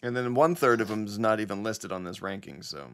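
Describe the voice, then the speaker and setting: A man's voice: fairly low pitch, animated, brisk, a bit bright, smooth. A man hosting a casual podcast chat with friends, laughing often and joking loosely. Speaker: podcast host.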